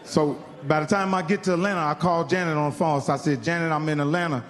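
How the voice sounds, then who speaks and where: A middle-aged man from Indiana telling profane stand-up stories with animated, acted-out quotes on a comedy club stage. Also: a little high, fast talker, faint music behind. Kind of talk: stand-up storytelling. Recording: live club sound with hall reverb.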